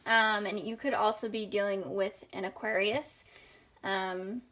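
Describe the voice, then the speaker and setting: A woman's voice: mid-range voice, fairly even intonation, unhurried, a bit bright. Chatty woman giving a tarot reading. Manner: chatty, rambling, many ums. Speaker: tarot reader. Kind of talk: casual tarot reading monologue.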